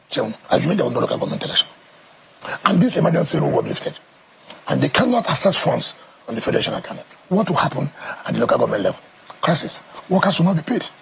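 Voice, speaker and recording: A Nigerian politician in a heated TV interview, talking forcefully and repeating his points. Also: high-pitched, gravelly, a little hiss or hum. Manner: forceful, emphatic, repeats phrases.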